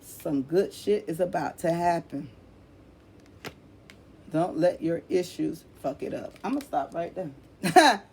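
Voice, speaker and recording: A woman's voice: on the low side, darkish tone, a little hiss or hum. A woman giving a casual tarot reading, blunt and emphatic, swearing freely, repeating herself and calling the listener honey. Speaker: tarot reader.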